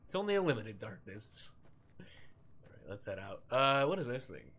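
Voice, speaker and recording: Young male streamer at a mid pitch, wry and reactive, trading quips with the game as he plays. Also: big pitch swings, normal speed, a bit bright, breathy edge. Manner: joking, reactive, talks to the game characters. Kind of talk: let's-play commentary.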